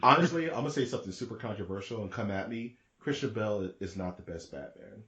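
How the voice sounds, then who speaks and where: A man co-hosting a podcast in casual chat, talking in an excitable, rambling, slangy way. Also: fairly low pitch, fast talker, echoey room, muffled recording, slight background noise. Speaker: podcast co-host.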